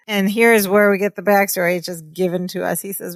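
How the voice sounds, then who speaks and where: A woman's voice: mid-range voice, little pitch movement, fairly quick, hardly any pauses, no room sound, studio quality. A woman co-hosting a casual rewatch podcast, retelling the plot step by step and quoting the characters. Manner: recaps plot beat by beat, quotes characters. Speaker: podcast co-host.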